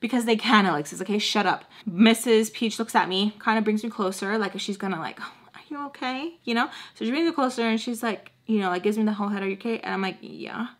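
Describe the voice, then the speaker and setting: A woman's voice: mid-range voice, fast talker, hardly any pauses. Chatty young woman telling a story. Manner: chatty, dramatic, heavy filler "like". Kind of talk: casual storytime while doing makeup.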